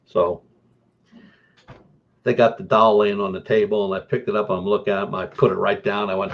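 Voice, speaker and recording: A man telling a story as a guest, with an animated delivery that jumps higher for emphasis. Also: a little fast, gravelly, long pauses, muffled recording. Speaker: guest paranormal investigator. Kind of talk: casual storytelling.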